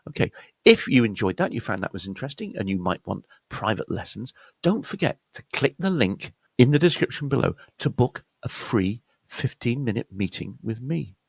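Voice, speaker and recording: A man's voice: medium pitch, sing-song, moderate pace, gravelly, slightly rough, no room sound. A man with a British accent giving a pronunciation lesson as an accent coach, explaining step by step and often checking in with "yeah?".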